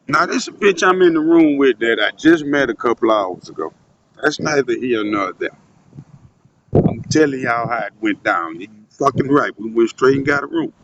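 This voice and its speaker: A man's voice: medium pitch, animated, normal speed. Man ranting conspiratorially into his phone. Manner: profane, conspiratorial, keeps addressing viewers. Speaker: vlogger. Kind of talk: rambling monologue to viewers. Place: public spot, moved somewhere quieter. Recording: dull lo-fi phone audio with faint noise.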